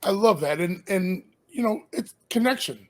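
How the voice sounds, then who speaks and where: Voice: medium pitch, lively intonation, normal speed, darkish tone. Rambling, casual livestream host. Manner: rambling, loose and informal, with repeated restarts. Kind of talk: casual interview chat.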